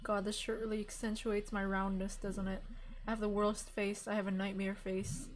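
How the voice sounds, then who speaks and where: A woman's voice: medium pitch, flat delivery, moderate pace, slight background noise, lightly acted. A woman voicing an anxious, self-deprecating young woman who mutters in a mopey, sarcastic way. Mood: glum.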